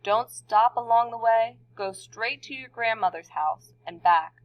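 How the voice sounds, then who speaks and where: A woman's voice: on the high side, unhurried, pitched above the performer's own voice, lightly acted. A woman reading a mother's firm warning to her little girl from a fairy tale, in her own voice. The recording sounds dull and lo-fi. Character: stern cautioning mother.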